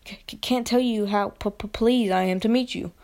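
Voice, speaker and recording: A woman's voice: medium pitch, fairly even intonation, normal speed, darkish tone, pitched above the performer's own voice, lightly acted. A woman doing a stammering nervous young professor. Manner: heavy stutter, nervous.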